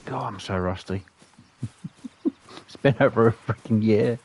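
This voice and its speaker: A man's voice: on the low side, unhurried, darkish tone, slight background noise. A man commentating his hunting game, muttering to himself and getting frustrated. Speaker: gaming youtuber.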